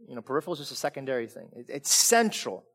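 A man preaching a sermon, swinging between quiet asides and emphatic peaks, often repeating words as he restarts. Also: mid-range voice, very animated, very fast, creaky, slightly rough. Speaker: pastor.

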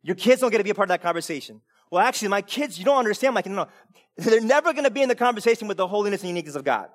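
A man with a high voice preaches with lively swings between hushed asides and loud, emphatic peaks. He often stumbles and repeats words as he restarts a thought. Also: very fast. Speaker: pastor. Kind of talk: sermon.

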